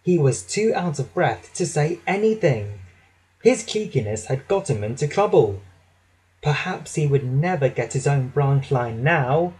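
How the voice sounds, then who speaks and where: A man reading a children's story aloud with an expressive storytelling delivery. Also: a little high, a little slow, husky, poor audio. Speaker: storybook reader.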